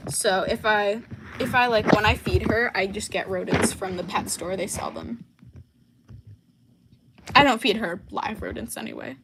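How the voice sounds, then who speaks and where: A woman's voice: mid-range voice, unhurried, vocal fry, pauses often, noisy background. A young American woman hosting a casual livestream and answering chat, with lots of ums and likes. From United States. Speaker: livestream host.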